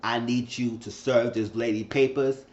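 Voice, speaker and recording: A man casually recapping a TV episode, chatty and animated, with speech. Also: normal speed. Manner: animated, jumps to high squeals when quoting characters. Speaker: TV episode reviewer. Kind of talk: casual recap with acted-out quotes. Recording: roomy, muffled home recording.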